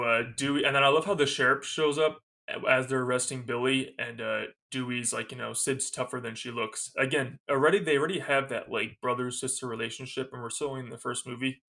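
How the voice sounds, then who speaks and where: A man's voice: mid-range voice, fairly even intonation, brisk, creaky, few pauses, pushed and bright. A man co-hosting a podcast, recapping a movie scene in casual chat, quoting its lines and laughing often. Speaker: podcast co-host.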